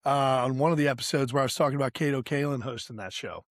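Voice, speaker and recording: A man's voice: mid-range voice, racing, no room sound, studio quality. A man hosting a casual podcast, loose and joking, with frequent swearing. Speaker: podcast host.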